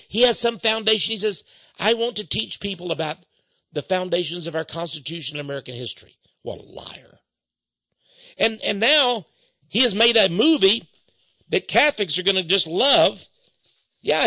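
A man hosting a radio talk show in an impassioned, preaching manner, swinging between loud outbursts and low asides. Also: dry recording, muffled recording.

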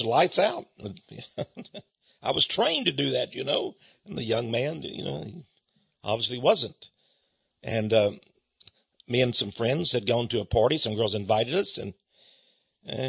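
A husky-voiced man preaches by telling stories, his pitch leaping animatedly as he chuckles along. His tone is bright and forceful. The recording sounds slightly dull and lo-fi. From Texas, USA. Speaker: Christian speaker. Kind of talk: storytelling sermon.

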